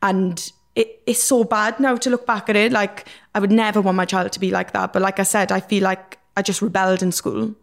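A woman's voice: medium pitch, flat delivery, brisk, vocal fry, few pauses. A young Welsh woman talks as an interview guest, with a middle-range voice. She tells her stories openly in a loose, casual ramble, and fillers keep creeping into her speech. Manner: rambling, frank, peppered with fillers. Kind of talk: casual candid storytelling.

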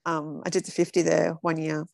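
A woman, an ultra runner, telling candid stories in a casual interview with halting restarts. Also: sits low, monotone, vocal fry, a little mellow, no room sound.

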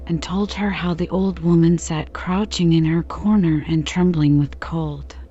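A woman reading a classic children's novel aloud in calm, unhurried storybook narration. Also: on the low side. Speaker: audiobook reader. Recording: slightly dull lo-fi recording.

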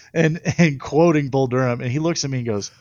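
A young man, a baseball pitcher, telling stories in a casual interview and laughing often. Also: a little mellow, no echo.

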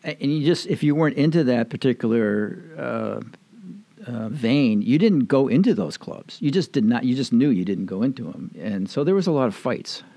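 A man's voice: mid-range voice, expressive, moderate pace, gravelly, mellow, no room sound. An older man, interviewed, telling old stories in a rambling, chuckling way with plenty of fillers and restarts. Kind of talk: casual storytelling reminiscence.

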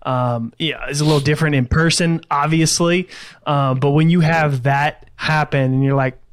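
A man's voice: fairly high pitch, steady tone, normal speed, slight background noise. A male podcast host reflecting on a guest's story and giving sales advice in a reflective, coaching tone. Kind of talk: conversational interview.

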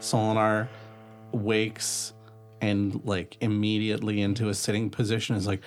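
A man with a fairly low voice plays in a tabletop game. He gets animated when he acts out his character. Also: moderate pace, over music. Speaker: player. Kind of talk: casual tabletop role-play.

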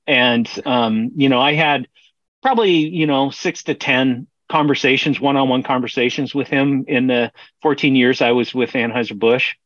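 A man's voice: medium pitch, a bit bright, no room sound. Middle-aged man, brewer guest, rambling, many fillers, dry sound, slightly muffled. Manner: rambling, self-interrupting with frequent fillers and laughs. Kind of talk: casual storytelling interview.

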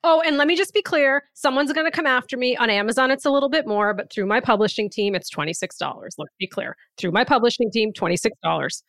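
A woman co-hosting a podcast in casual chat, telling stories with lively, emphatic exclamations. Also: a little high, quick pace, hardly any pauses, no echo, clean studio sound. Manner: animated storyteller with emphatic exclamations. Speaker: podcast co-host.

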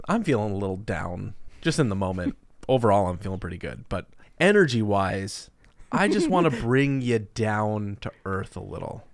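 Lively joking man, dry close mic. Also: on the low side, moderate pace, dry recording. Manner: joking, playful, animated delivery. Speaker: podcast co-host. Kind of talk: casual comedy podcast chat.

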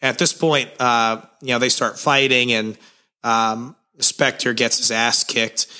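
A man's voice: medium pitch, flat delivery, slow pace, sharp tone. A young man co-hosting a podcast, recapping a comic in a rambling, jokey way with lots of fillers. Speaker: podcast co-host.

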